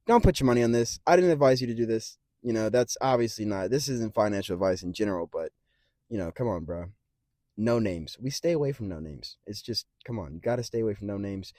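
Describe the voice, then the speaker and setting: A man's voice: medium pitch, a little mellow, dry recording. A man giving casual, rambling and profane fight predictions as the host of his own channel. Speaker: MMA picks host.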